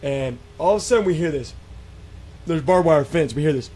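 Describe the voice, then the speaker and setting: Animated storytelling man, slightly high voice. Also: brisk, a little hiss or hum. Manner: animated, acts out quotes, many fillers and restarts. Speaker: guest telling an encounter story. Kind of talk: casual storytelling on a radio show.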